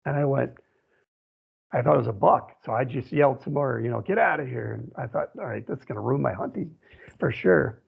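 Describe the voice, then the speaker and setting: A man from central Wisconsin tells a story as a radio guest, rambling and looping back with "you know". His voice is gravelly and husky. It comes through a thin, phone-like line. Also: mid-range voice, brisk. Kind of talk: telling a personal story in an interview.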